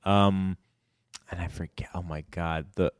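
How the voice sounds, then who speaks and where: A man's voice: low-pitched, steady tone, unhurried, clear, resonant tone, no echo. A man co-hosting a podcast in casual chat, rambling and searching for words as he talks. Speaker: podcast co-host.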